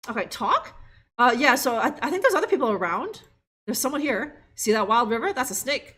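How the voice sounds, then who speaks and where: Woman game streamer, lively and bright, chatty and giggly, riffing with chat. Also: on the high side, a little fast. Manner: chatty, laughing, talks to chat. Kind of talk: live gameplay commentary.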